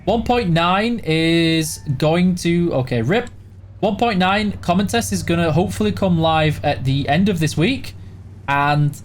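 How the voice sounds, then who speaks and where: A man with a Yorkshire accent that he tones down toward neutral British, hosting a casual livestream Q&A. His voice sits a little higher than most men's. He reads each chat question aloud, then answers in a loose, chatty way full of "uh"s. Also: unhurried, slight background noise. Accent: Yorkshire, softened toward neutral British. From Yorkshire, England.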